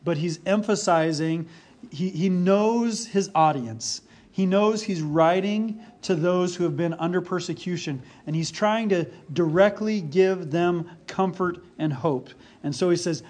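Slow, earnest male preacher. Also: high-pitched, a little mellow. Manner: earnest, repeats key phrases for emphasis; slow and deliberate. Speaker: pastor. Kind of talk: sermon.

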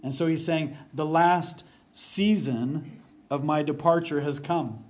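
A male pastor preaching with a slightly high voice. He speeds up and slows down, repeats short phrases for emphasis, and goes low and quiet for scripture. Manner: varies pace and volume, drops low for quoted verses. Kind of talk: sermon.

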